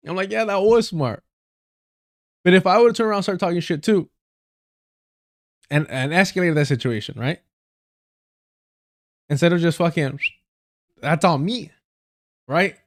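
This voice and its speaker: On his livestream, a man with a fairly high voice and lively intonation rants at a measured pace, leaving long pauses. He's blunt and profane with lots of street slang, repeating phrases for emphasis and restarting sentences as he tells stories. The sound is dry and close, with no room echo.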